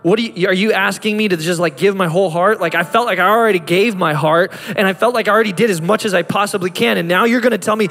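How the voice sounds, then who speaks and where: A man's voice: sits high, fast, few pauses, fairly bright tone. A man in his thirties, a pastor preaching a sermon with impassioned delivery that climbs to fervent peaks. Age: 30s. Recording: reverberant hall with music behind.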